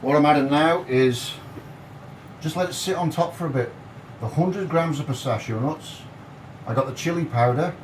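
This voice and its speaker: A man's voice: on the high side, moderate pace, slight background noise, poor audio. A man giving a casual, cheeky and crude cooking demonstration in his home kitchen. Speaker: home cook.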